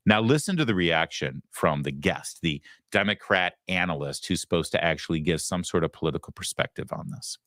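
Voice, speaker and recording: A man's voice: deep voice, expressive, fairly quick, few pauses, fairly bright tone, dry recording, studio quality. A male host giving sarcastic, emphatic commentary on news clips. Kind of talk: opinionated commentary.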